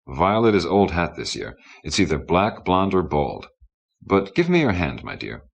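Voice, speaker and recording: A man's voice: sits low, wildly swooping pitch, moderate pace, gravelly, breathy edge, muffled recording, heavily acted. Man doing Ricky Vixen, a sour faded starlet. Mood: scornful. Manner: haughty, bossy, worldly. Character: sour, scornful fading female entertainment star.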